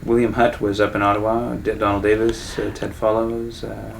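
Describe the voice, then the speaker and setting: A male interviewer asking careful, halting questions. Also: lowish voice, little pitch movement, vocal fry, slight background noise, poor audio.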